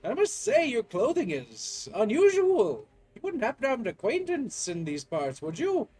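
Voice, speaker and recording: A man voicing a fussy, genteel old-fashioned male professor with a put-on posh accent, talking high and chirpy. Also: wildly swooping pitch, normal speed, darkish tone, exaggerated voice.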